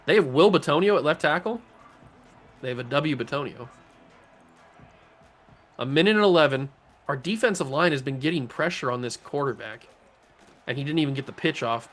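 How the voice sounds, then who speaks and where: A man hosting a gaming channel, giving joking play-by-play commentary on his own video game, talking to himself and swinging between mutters and excited yells. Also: on the high side.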